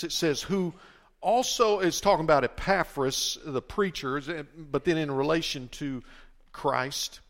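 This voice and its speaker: Gravelly older male pastor preaching. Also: fairly high pitch, fairly bright tone. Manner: emphatic, repeats words and restarts. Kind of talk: sermon.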